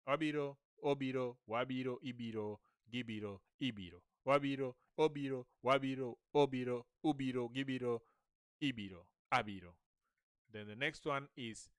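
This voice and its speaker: A man's voice: mid-range voice, pushed and bright, clear, resonant tone, dry recording, studio quality. A man teaching vocabulary in a casual lesson, patiently repeating each word many times. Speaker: language teacher. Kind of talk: informal language lesson, repeating words slowly.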